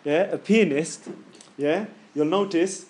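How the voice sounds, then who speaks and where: His voice on the high side, a man teaches tajweed in a relaxed, joking manner. To show the sounds, he stretches them out loudly and slowly.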